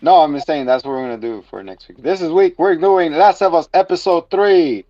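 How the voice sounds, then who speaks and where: A man's voice: on the high side, a little fast, dark tone, no echo, muffled recording. A man co-hosting a casual comedic show review, joking and rambling playfully. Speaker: podcast co-host.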